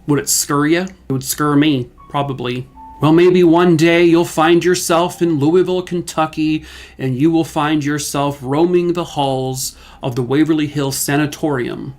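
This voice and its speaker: A man's voice: a little high, steady tone, measured pace, a little mellow, faint music behind. A man telling haunted house stories in a casual way, cracking irreverent, swearing jokes and asking the audience questions. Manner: jokey, irreverent asides with swearing. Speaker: haunted-place storyteller. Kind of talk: casual storytelling to viewers.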